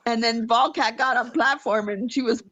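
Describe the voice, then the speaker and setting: A woman's voice: fairly high pitch, normal speed, no echo. A woman casually telling a story, acting out what she and others said. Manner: animated, acts out quotes of herself and others. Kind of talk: casual storytelling in a played clip.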